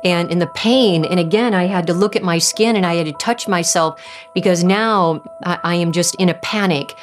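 A woman giving a personal faith testimony, earnest and halting, often restarting her sentences. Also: fairly low pitch, faint music behind. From Southern California. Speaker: testimony speaker.

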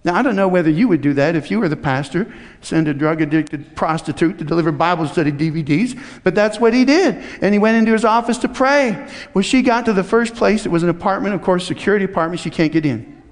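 A man with a high voice preaches in a church, and his words ring out with a long hall reverb. He tells a story conversationally, with folksy asides to the congregation. He acts out each character's lines as he goes. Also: fast talker. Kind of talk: sermon with storytelling.

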